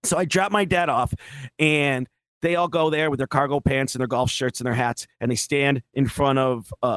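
Animated man telling stories. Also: no echo. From Boston area. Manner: animated storytelling, quoting people in pitched-up voices, laughing. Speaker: guest storyteller. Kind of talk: casual podcast chat.

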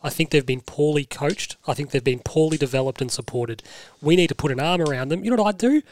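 An Australian man hosting a casual sports podcast, animated and forceful, repeating himself for emphasis. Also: a little high, fast. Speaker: podcast host.

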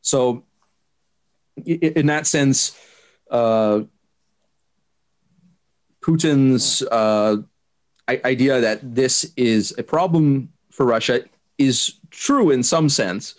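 A man answering interview questions, laying out his view in a careful, measured way and pausing often with hesitant fillers. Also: medium pitch. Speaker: interviewee explaining politics. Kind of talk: unscripted explanatory interview.

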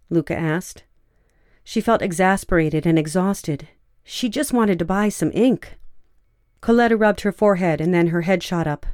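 Woman reading a story, lowish pitch, measured and even, smooth clear voice. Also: dry recording, studio quality. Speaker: narrator. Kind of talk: audiobook fiction narration.

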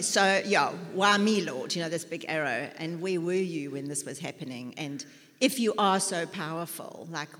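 A woman's voice: low-pitched, fairly bright tone. A woman giving a conversational sermon, chatty and self-mocking, with many fillers and restarts. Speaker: lay preacher. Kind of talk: conversational sermon with personal stories. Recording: long hall reverb.

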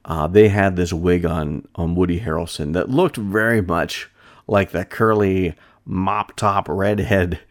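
A man's voice: low-pitched, unhurried. A man giving a casual, rambling film review, full of fillers and restarts. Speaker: shop-themed movie reviewer.

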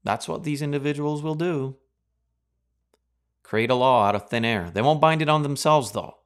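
A man preaching a Bible teaching sermon in a sarcastic, animated way, acting out reactions. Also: mid-range voice, moderate pace, pauses often.

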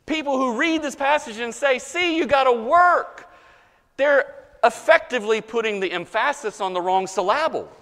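A man preaching a sermon as a pastor, animated, mock-voicing objectors and swinging between loud and soft. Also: very high-pitched, moderate pace, in a large hall.

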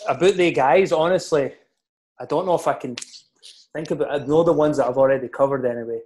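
A Scottish man, a former footballer, chatting casually and telling animated stories with laughs. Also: fairly high pitch, fast talker. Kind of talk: casual podcast chat.

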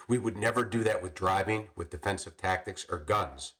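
An older man, a retired police captain, telling stories in a podcast interview with many restarts and frequent throat clearing. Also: fairly low pitch, moderate pace, few pauses, a bit bright.

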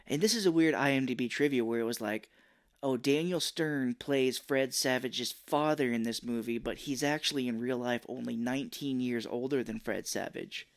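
A man co-hosting a casual movie podcast, chatting and joking, sometimes slipping into quick silly voices. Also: mid-range voice, dry recording, studio quality. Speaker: podcast co-host. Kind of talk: casual movie-review chat.

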